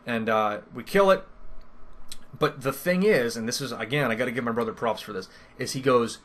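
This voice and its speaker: A man's voice: mid-range voice, moderate pace, fairly bright tone. A man casually recounting a tabletop game session, rambling and interrupting himself with lots of fillers. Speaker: first-time game master recapping a campaign. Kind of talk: casual storytelling recap.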